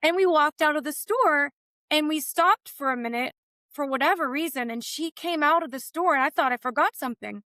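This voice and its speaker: A woman's voice: high voice, fairly quick, bright, forceful tone, no room sound. A woman hosting a podcast, telling a personal story in emphatic, conversational chat. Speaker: podcast host.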